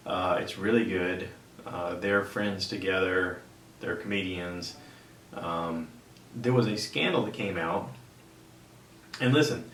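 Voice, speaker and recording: A man hosting a podcast, retelling a story in a casual, rambling way and often restarting his sentences. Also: a bit bright. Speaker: podcast host. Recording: roomy sound from a distant mic with faint rumble.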